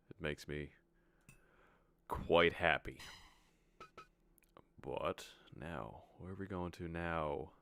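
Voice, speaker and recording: Deep, crisp-voiced man for earnest, reflective game-stream commentary. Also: pushed and bright. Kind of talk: casual gameplay commentary.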